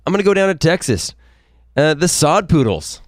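A man's voice: fairly high pitch, very animated, moderate pace, no room sound, studio quality. A man co-hosting a casual podcast, rambling and enthusiastic as he tells his picks. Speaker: podcast co-host. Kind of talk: casual chat.

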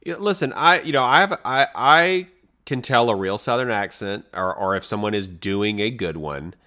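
A man co-hosting a casual podcast chat, his pitch swinging widely as he gets excited. He jumps in with bursts of enthusiasm and restarts his sentences often. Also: moderate pace. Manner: animated, excitable, frequent restarts. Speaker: podcast co-host.

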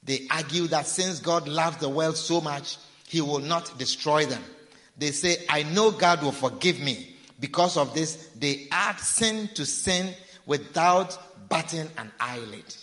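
A man's voice: a little high, takes it slowly, fairly bright tone. A man preaching a sermon, repeating phrases and acting out people's pleas. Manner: preaching with repetition and acted-out pleading. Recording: long reverb of a large hall.

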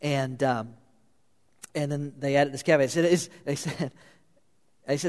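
A man's voice: medium pitch, fairly even intonation, measured pace, long pauses, long reverb tail. A man preaching a sermon, impassioned and at times pleading. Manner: impassioned, rising to pleading intensity. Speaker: pastor.

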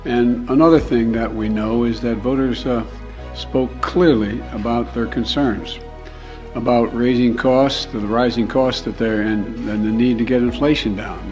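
A man giving a formal political address in a measured, halting way, pausing often. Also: mid-range voice, lo-fi sound. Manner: measured, halting with frequent uh pauses.

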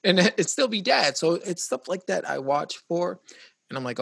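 Male host, chatty and reflective, gravelly husky voice. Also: high voice, very animated, moderate pace, fairly bright tone, no room sound. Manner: chatty, reflective, full of restarts. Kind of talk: casual conversation.

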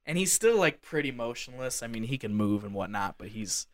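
A man's voice: medium pitch, very animated, brisk, no room sound. A young man telling a casual story at length, rambling with lots of fillers like "like". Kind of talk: casual anecdote.

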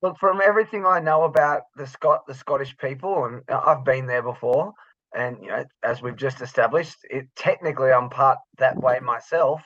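A man's voice: medium pitch, moderate pace, fairly bright tone, dry recording, muffled recording. An Australian man co-hosting a casual podcast over a remote call, joking with sarcastic exaggeration. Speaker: podcast co-host. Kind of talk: casual chat.

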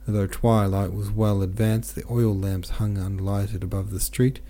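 A man's voice: fairly low pitch, flat delivery, unhurried, mellow. A man who hosts a podcast, reading a novel aloud in a plain way with small stumbles, then signing off casually. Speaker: podcast host and audiobook reader.

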